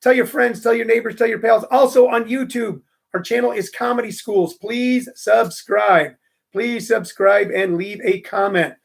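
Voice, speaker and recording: A man's voice: high-pitched, vocal fry. A man from St. Louis hosting a casual live-stream comedy show, chatting in a rambling, self-interrupting way. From St. Louis, Missouri.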